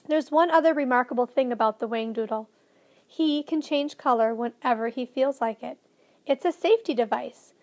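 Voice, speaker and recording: A woman's voice: sits high, normal speed, a little mellow. A woman voicing a kindly, proud old male professor, emphatic and cheerfully lecturing in a storybook reading.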